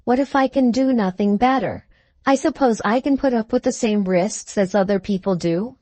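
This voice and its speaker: A woman's voice: a little high, normal speed, mellow, no echo, natural voice. A woman voicing a proud, touchy young woman of twenty-one, poised but a little piqued, in a storybook reading.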